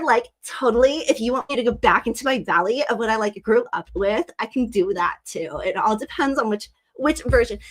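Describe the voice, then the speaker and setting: A woman's voice: mid-range voice, a little hiss or hum. A woman hosting a casual livestream, chatting loosely with viewers and greeting them by name, with frequent ums. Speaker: livestream host and psychic reader.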